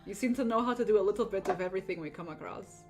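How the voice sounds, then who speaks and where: A woman running a tabletop game, casual and chatty with plenty of fillers. Her voice sits at a middle pitch, and faint music plays underneath. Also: very fast, a little mellow. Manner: casual, laughing, filler-heavy. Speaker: game master.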